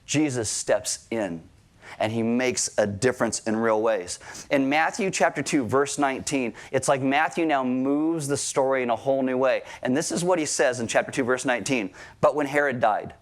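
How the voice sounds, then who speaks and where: Speaking at a moderate pace in a medium-pitched voice, a married pastor gives a sermon before his church congregation. He keeps it casual, tossing questions to the crowd and slipping in light jokes.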